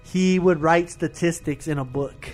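A man's voice: on the high side, unhurried, soft background music. A man telling rambling anecdotes in a casual chat, laughing often and swearing freely.

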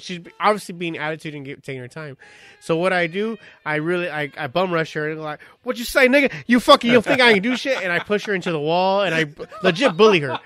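A man in his thirties chatting casually, telling a profane, animated story and acting out quotes. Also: a little high. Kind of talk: casual chat.

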